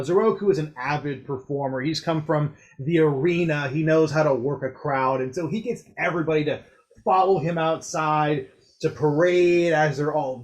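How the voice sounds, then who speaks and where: A man narrating as dungeon master in a relaxed, unhurried way with fillers. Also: fairly high pitch. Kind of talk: narrating a tabletop game.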